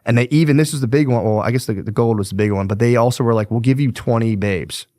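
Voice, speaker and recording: A young podcast host retells history in a casual, profane, slangy way, rambling with fillers. His medium-pitched voice is mellow and very fast, recorded dry with studio quality.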